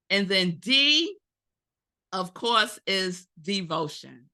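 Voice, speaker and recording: Speaking extremely slowly with frequent pauses, a minister in her forties delivers a Sunday sermon at a spiritual center, her voice medium-pitched. She tells stories with animation and speaks straight to the congregation.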